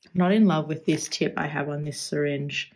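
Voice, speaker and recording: A woman's voice: low-pitched, fairly even intonation, normal speed, darkish tone. An Australian woman chatting casually as she swatches fountain pen ink, musing aloud and trailing off into restarts as she searches for words.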